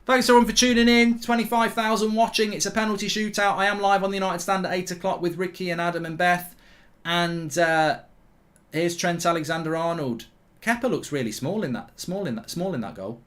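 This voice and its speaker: Excitable man doing live football commentary. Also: high-pitched, brisk. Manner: excitable, swears casually, rants in bursts. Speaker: host of a live football watchalong stream.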